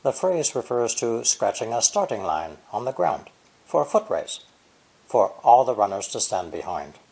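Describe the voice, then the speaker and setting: A man in his sixties narrating a scripted language lesson in a measured, explanatory way, stressing syllables and tones. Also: mid-range voice, very animated, vocal fry, a little mellow, breathy edge, low-quality recording. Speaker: language teacher.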